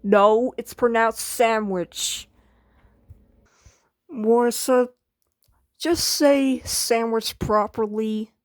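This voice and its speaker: A woman's voice: on the high side, fairly even intonation, slow pace, no echo, studio quality. A woman hosting a casual comedy skit, patiently correcting and teasing. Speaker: video host and skit performer.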